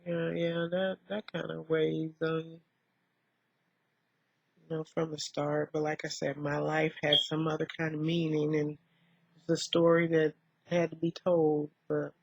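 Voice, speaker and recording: A woman vlogger talking softly and reflectively in a rambling way while doing her makeup, in a dull lo-fi recording. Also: deep voice, level tone, measured pace, vocal fry. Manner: soft-spoken, rambling, musing.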